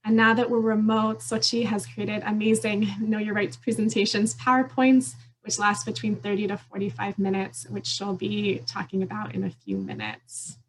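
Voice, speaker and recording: A woman's voice: medium pitch, moderate pace, hardly any pauses, low-quality recording. Woman, lawyer, earnest presentation, explanatory, faint background noise. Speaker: immigration attorney. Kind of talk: conference presentation.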